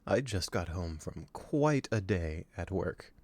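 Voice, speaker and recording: A tired man streaming a game, chatting casually in a dry, low-energy way. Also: lively intonation, slow pace, a little mellow, no room sound.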